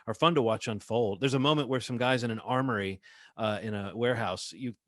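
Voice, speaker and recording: A man's voice: mid-range voice, fairly quick, a bit bright, no echo, clean studio sound. A man co-hosting a casual movie review podcast, opinionated and rambling, drifting into asides. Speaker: podcast co-host.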